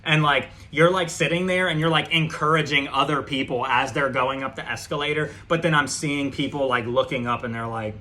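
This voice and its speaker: A man's voice: mid-range voice, steady tone, fairly quick, hardly any pauses, sharp tone. A man giving a casual tarot reading, talking loosely and swearing often, with many fillers and restarts. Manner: loose and profane, heavy with fillers. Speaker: tarot reader.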